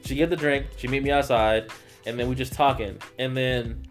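A man's voice: mid-range voice, steady tone, normal speed, soft background music. A young man hosting a podcast, telling a casual story in profane slang and laughing often.

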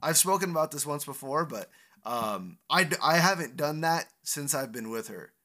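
A young man co-hosting a casual podcast, talking candidly and profanely with animated storytelling. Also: fairly high pitch, moderate pace. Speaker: podcast co-host.

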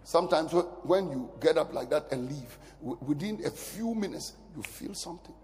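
A man preaching a sermon as pastor, his delivery swinging from loud bursts to near whispers. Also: a little high, normal speed, soft background music. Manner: animated preaching, sudden loud rises and drops to near whisper. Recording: long hall reverb.

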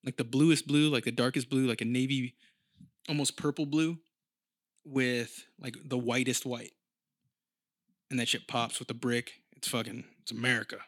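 A man's voice: mid-range voice, steady tone, moderate pace, long pauses, no echo, studio quality. A man in his thirties hosting a casual podcast monologue, rambling and swearing freely as he tells stories. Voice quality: profane, rambling storyteller. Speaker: podcast host.

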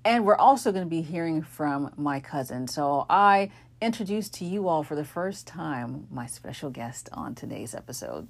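A woman's voice: low voice, expressive, normal speed, gravelly, few pauses. A young adult woman hosting a podcast, talking casually with lots of fillers and self-corrections as she introduces the episode. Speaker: podcast host.

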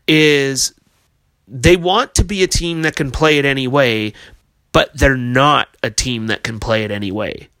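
Heated bright-voiced man ranting about hockey. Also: fairly high pitch, dry recording. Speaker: podcast host. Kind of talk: casual hockey podcast rant.

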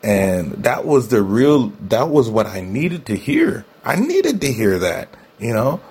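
A man's voice: medium pitch, wildly swooping pitch, measured pace, darkish tone, slightly rough. A man hosting a talk show, speaking candidly and conversationally, repeating himself for emphasis and laughing often. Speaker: host. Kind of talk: solo talk show monologue.

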